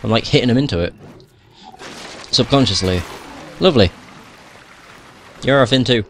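Speaking at a measured pace with frequent pauses, this young gamer swears a lot, complains about the game and laughs at his own mistakes in casual commentary. His pitch is medium, and there's slight background noise.

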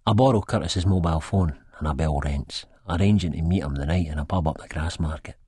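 Deep, husky Scottish male narrator. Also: brisk, warm tone, dry recording. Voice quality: broad dialect delivery, sweary and blunt. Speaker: audiobook narrator. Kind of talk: first-person audiobook narration.

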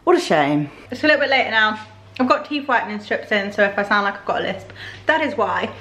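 A young woman talks fast to the camera in a casual home vlog, her mid-range voice sharp in tone and lively in intonation. She rambles chattily, filling her speech with "like."

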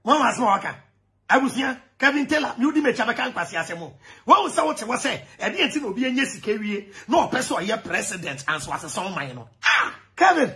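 High-pitched animated Ghanaian man ranting. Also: quick pace. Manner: shouting, laughing, mixing English with Twi. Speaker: commentator. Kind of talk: animated political rant.

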